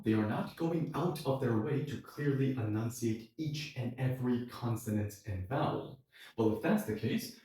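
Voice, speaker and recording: A man teaching a language lesson online, explaining step by step and acting out short quoted exchanges with lively shifts in his voice. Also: medium pitch. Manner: animated, acts out quoted dialogue. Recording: very echoey room, voice from a distance.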